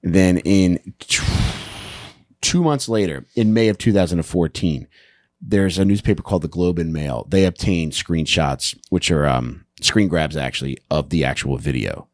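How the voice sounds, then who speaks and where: A man's voice: low-pitched, normal speed, no echo. A man casually telling a story on a podcast, laid-back, swearing and saying "dude" a lot.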